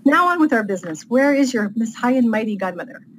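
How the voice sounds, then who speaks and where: A woman's voice: fairly high pitch, animated, fast, a little hiss or hum, lightly acted, rough recording. A woman reading aloud the lines of a grumpy male leprechaun assistant, in her own plain voice with no accent attempted. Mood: grumbling. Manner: read aloud without the accent.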